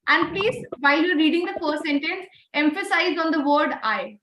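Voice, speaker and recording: High-voiced woman coaching a class. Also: normal speed, pushed and bright, slight background noise. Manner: encouraging, repeats praise, mixes in Hindi. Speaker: voice and communication trainer. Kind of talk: online class. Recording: roomy echo.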